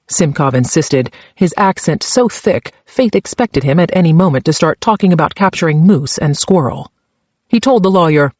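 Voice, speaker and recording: A man narrating an audiobook in a steady, even storytelling manner. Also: fairly high pitch, moderate pace, no room sound, highs cut off. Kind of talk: scripted narration.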